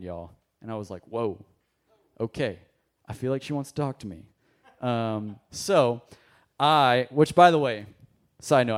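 A young man preaching a sermon, telling a personal story in a casual, animated way and addressing the congregation directly. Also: mid-range voice. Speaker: pastor. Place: church service.

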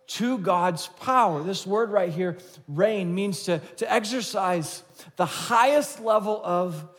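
A male pastor preaching a sermon in an emphatic, conversational way, asking his listeners rhetorical questions. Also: high-pitched.

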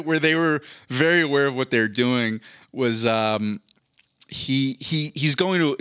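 A man chatting loosely as a podcast co-host, stumbling and restarting his sentences and laughing as he goes. His voice sits at an ordinary middle pitch. It is recorded close and dry, with no room sound. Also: fairly bright tone, smooth, dry recording. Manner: rambling, profane, laughs mid-sentence. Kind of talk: casual chat.

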